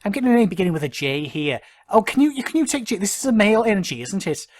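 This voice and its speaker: A man mimicking a showy male stage psychic who fishes for names, in a deliberately bad put-on accent. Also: sits high, very animated, dry recording, clean studio sound, pitched above the performer's own voice. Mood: theatrical.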